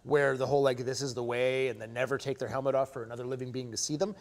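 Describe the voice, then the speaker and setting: A man's voice: mid-range voice, fairly even intonation, fast talker. A man co-hosting a casual podcast chat, rambling through stories with loose, profane phrasing. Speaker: podcast co-host.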